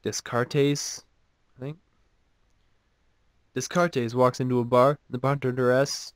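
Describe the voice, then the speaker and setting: A man's voice: mid-range voice, fairly even intonation, slow pace, pauses often, clear, resonant tone, dry recording. A man casually reading jokes aloud and following each one with dry, self-mocking asides. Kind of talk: casual joke reading with commentary.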